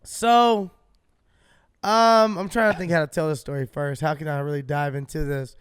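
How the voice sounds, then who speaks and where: A man with a high, smooth voice, co-hosting a podcast and telling a long story. He is animated and swears freely, and the dry, close mic leaves no room sound. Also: moderate pace, dry recording. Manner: animated, swearing, acts out his own shouts. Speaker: podcast co-host. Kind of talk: casual storytelling.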